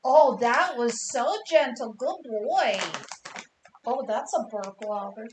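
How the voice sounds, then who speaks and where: A woman's voice: fairly high pitch, slow, echoey room, background noise. A woman hosting a knitting livestream, chatting with her dogs, laughing often. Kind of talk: casual chat with dogs and a guest.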